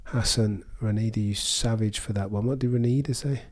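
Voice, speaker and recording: Here a lowish, brisk male voice with fairly even intonation belongs to a young Birmingham-accented livestream host from England. During a live race watchalong he chats casually, reading viewers' comments and offering dry quips.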